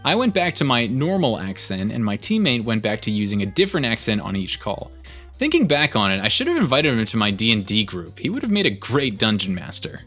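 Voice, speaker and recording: A man reads online stories aloud with an animated, swooping delivery. His voice sits in the middle of the male range, and soft music plays underneath. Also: lowish voice, fairly quick. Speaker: story narrator. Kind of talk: reading online posts aloud.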